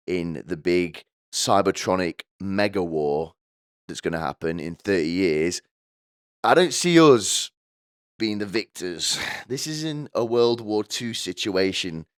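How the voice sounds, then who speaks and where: A young man delivers a crude, sardonic comic monologue with plenty of rambling asides. His voice sits on the lower side. The recording is dry and close, with almost no room sound. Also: smooth, no echo. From United Kingdom. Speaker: podcast host. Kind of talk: comedic monologue.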